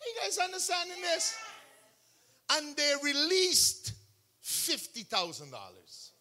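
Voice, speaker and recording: A man preaching a sermon testimony, telling the story with animation, bursting into shouts and acting out what others said. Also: very high-pitched, wildly swooping pitch, slow. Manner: acts out other people's words in quotes.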